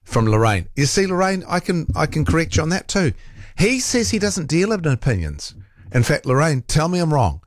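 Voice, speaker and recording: A man's voice: on the high side, big pitch swings, normal speed, dry recording, clean studio sound. A man hosting a talk radio show, reading listener texts and arguing back at critics in a combative, fact-checking way. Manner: combative, defends himself, fact-checks callers.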